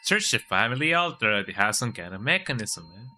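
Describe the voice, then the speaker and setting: A man's voice: lowish voice, big pitch swings, fairly quick, pushed and bright, a little hiss or hum. A man, streaming a horror game and rambling through crude jokes as he thinks aloud. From Mexico. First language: Spanish. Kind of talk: live game commentary.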